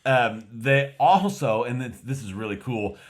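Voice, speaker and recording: A man's voice: medium pitch, measured pace. Rambling West Texas man reviewing a film. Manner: rambling, with many restarts and fillers. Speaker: podcast co-host. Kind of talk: casual film review chat.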